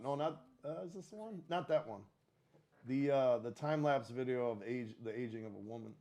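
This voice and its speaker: A man co-hosting a podcast in casual chat, halting and repeating words, often checking in with "right?". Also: mid-range voice, warm tone. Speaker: podcast co-host.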